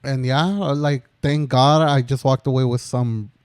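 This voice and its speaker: A man's voice: mid-range voice, steady tone, unhurried, clean tone, no room sound. A young man co-hosting a casual podcast, telling a story in a rambling way full of "like" and "um". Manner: rambling, lots of "like" and "um". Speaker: podcast co-host.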